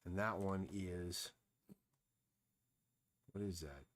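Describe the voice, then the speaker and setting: A man's voice: low voice, drawn-out words. A man streaming himself as he draws, talking casually and thinking aloud, often mumbling to himself. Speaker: comic artist streaming his drawing. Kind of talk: casual live-stream narration while drawing.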